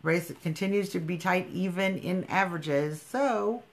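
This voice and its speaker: A woman from the United States with a lowish voice speaks at a measured pace. Hosting a political livestream, she talks bluntly and emphatically, scolding her viewers and swearing freely.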